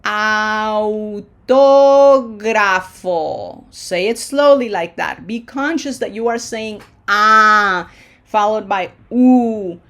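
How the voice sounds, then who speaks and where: Lady teacher going real slow, stretches out every syllable, keeps asking okay?. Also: medium pitch, sharp tone. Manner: drawn-out syllable-by-syllable modeling of words; patient, checks in often with "okay?" and "right?". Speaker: Spanish pronunciation teacher. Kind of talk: slow pronunciation lesson.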